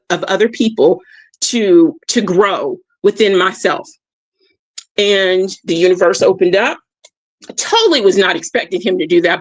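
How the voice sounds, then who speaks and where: A woman speaking in a dry, close-up way, with no room echo. She talks at a middle pitch as she hosts a motivational livestream, repeating her key lines with emphasis and checking in with "okay?" along the way. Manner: addresses listeners warmly as "y'all". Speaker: livestream host. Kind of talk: motivational reflection talk. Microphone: streaming mic.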